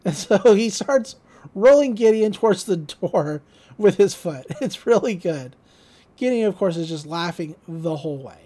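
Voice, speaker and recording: A woman's voice: on the low side, lively intonation, a little slow, warm tone. A woman co-hosting a podcast, casually recapping an episode, laughing often and acting out quoted lines. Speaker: podcast co-host.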